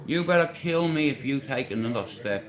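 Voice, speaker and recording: A man's voice: mid-range voice, expressive, moderate pace, a crowd in the background, rough recording. A man with an Irish accent ranting on a livestream, aggressive, taunting and boastful, swearing heavily and challenging his target directly. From Ireland. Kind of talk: livestream rant to camera.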